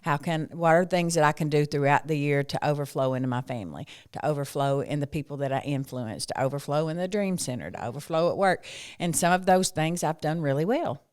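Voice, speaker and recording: An older woman, a grandmother, co-hosting a casual chat and telling lively stories. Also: low voice, fairly quick, clear, resonant tone. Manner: animated storyteller. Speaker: podcast co-host.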